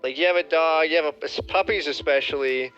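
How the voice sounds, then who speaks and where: Bright-toned man with dull lo-fi sound. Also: fairly high pitch, quick pace, soft background music. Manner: laid-back, chiming in with agreement. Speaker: podcast co-host. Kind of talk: casual chat.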